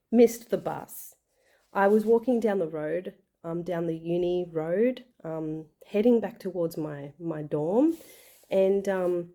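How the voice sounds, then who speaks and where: A young Australian woman vlogs to camera in a casual, personal way, her slightly low voice mellow and earnest. She's chatty, uses many fillers, and acts out the voices of people she quotes.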